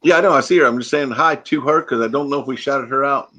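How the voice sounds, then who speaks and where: A man's voice: mid-range voice, fast talker, bright, forceful tone. A man hosting a casual live stream, chatting loosely and answering viewer comments while still a bit groggy from waking up. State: groggy, freshly woken.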